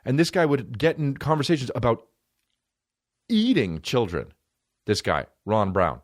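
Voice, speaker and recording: A man's voice: lowish voice, sing-song, a little fast, no echo, clean studio sound. A man in his thirties hosting a podcast, telling a story in a profane, rambling comic monologue, with mock voices thrown in. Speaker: podcast host. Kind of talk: casual comedic monologue.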